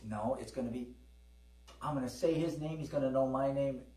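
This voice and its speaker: Captured far from the mic in a roomy church, a middle-aged man gives a conversational sermon full of stories, voicing the characters and calling for amens. He speaks at medium pitch and a moderate pace with a dark tone.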